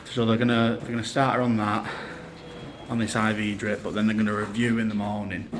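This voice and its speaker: With background noise behind him, a young man who's a new dad casually records a video diary, tired and drained while venting about his hospital care frustrations. His lowish voice barely moves in pitch, and he speaks fairly quickly.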